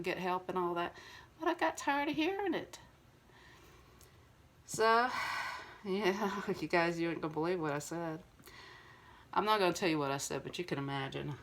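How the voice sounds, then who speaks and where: A woman's voice: lowish voice, slight background noise. An older woman, talking to her viewers in a casual, heartfelt monologue. She rambles earnestly and fills her speech with "you know.". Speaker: vlogger.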